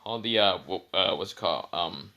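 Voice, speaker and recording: A young man retells a fan story casually, rambling and stopping often to search for words. His voice is bright and forceful, pitched a little low. He speaks loosely, without a script. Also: animated, normal speed. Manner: rambling, full of fillers and self-corrections.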